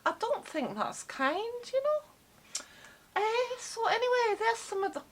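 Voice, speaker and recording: Woman doing a jokey put-on Scottish accent, pitch swooping high, playful. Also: big pitch swings, a little slow, a bit bright, heavily acted. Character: the vlogger herself in mock Scottish.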